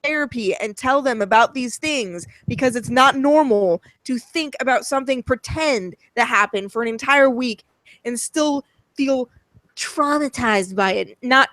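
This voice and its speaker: Woman, co-host, casual commentary, blunt, profane, rambling, higher voice, dry sound. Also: a little slow, fairly bright tone, no room sound. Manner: blunt, swears freely, rambling with fillers.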